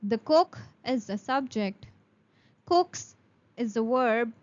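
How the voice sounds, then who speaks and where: A woman teaches a beginner English lesson in a high voice. She talks slowly and carefully and repeats each word for her students. The recording sounds a little dull and lo-fi. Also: expressive. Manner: slow, careful, repeats words for practice.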